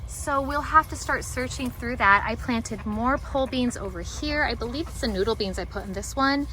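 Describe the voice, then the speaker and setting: Excitable higher-voiced woman rambling through a garden tour, faint outdoor hum behind. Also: normal speed. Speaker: homesteading garden vlogger. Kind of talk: casual walking garden tour.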